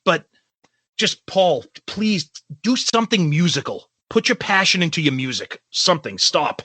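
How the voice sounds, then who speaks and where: A man's voice: a little high, big pitch swings, moderate pace, bright, forceful tone, breathy edge, no echo. A man co-hosting a podcast, ranting sarcastically with plenty of profanity. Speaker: podcast co-host. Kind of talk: casual chat.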